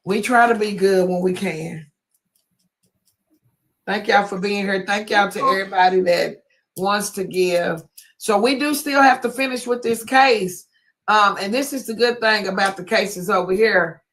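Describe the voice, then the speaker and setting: A woman's voice: medium pitch, fairly bright tone. A woman with a drawl hosts a casual live stream. She speaks from the heart and is close to tears, with her emotions running just under every line. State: on the verge of tears. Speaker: host of a live online mock court.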